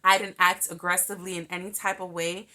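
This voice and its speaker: A young woman hosting a show, telling a personal story in a candid, animated way and swearing freely. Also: fairly low pitch, fast talker. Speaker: podcast host. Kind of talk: casual storytelling monologue.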